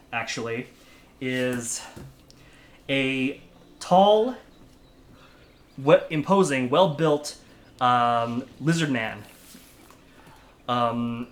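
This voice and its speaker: A man narrating as dungeon master in a tabletop game, halting and restarting often. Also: mid-range voice, lively intonation.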